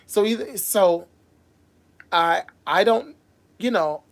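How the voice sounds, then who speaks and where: A woman's voice: medium pitch, lively intonation, takes it slowly. A woman ranting on a casual livestream, heated and emotional, repeating and restarting her words as she speaks straight to her viewers. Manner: heated, emotional and repetitive, stumbling over words; addresses viewers directly. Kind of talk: casual live-stream rant.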